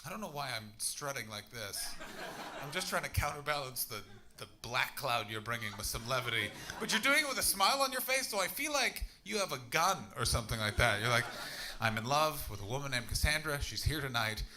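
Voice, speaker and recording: A Canadian man in his thirties doing stand-up crowd work on a comedy club stage, loud and sweary, bursting into shouts. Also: medium pitch, big pitch swings, fairly quick. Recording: audible crowd noise.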